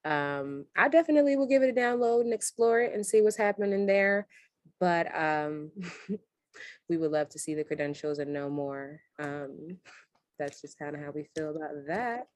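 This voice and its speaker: Woman, podcast co-host, playful and emphatic, lowish voice, dry sound. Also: moderate pace, darkish tone, no room sound. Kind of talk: casual chat.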